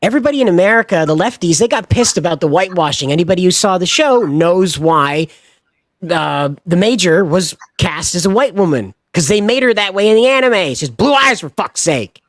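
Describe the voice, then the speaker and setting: A man's voice: sits high, lively intonation, brisk, no echo, clean studio sound. A man hosting a livestream, ranting in a sarcastic, sweary, exasperated way. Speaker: livestream host. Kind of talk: casual ranting stream commentary.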